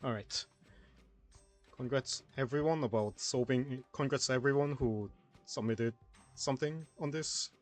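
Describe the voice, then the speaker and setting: A man co-hosting a puzzle stream, reading out notes and commenting in a halting, casual way. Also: mid-range voice, soft background music. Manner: halting, reads notes aloud slowly. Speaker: co-host of a puzzle showcase stream.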